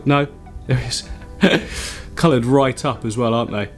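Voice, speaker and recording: A man hosting a casual aquarium vlog, chatty and excitable, laughing often. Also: medium pitch, normal speed, soft background music. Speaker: aquarium vlogger.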